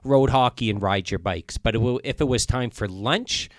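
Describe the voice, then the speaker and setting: A man's voice: mid-range voice, moderate pace, dry recording. A man co-hosting a podcast, chatting casually and teasing his partner with joking stories. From Northern Ontario, Canada. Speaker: podcast co-host. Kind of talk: casual chat.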